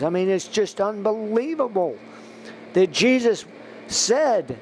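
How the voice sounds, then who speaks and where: A man with a slightly raised pitch delivers a preaching podcast monologue. He stresses his points emphatically and moves into prayer, blessing listeners one place after another. A faint hum sits under the recording. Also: darkish tone. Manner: emphatic, rising to stress points, then praying through a list. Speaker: podcast host.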